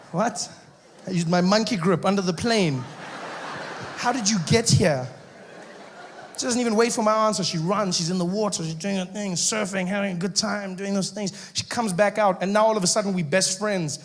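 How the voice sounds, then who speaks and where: A man's voice: sits high, fairly even intonation, quick pace, few pauses, a little hiss or hum. South African man telling a stand-up story. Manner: storytelling with acted-out voices and asides. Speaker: stand-up comedian. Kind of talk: stand-up comedy.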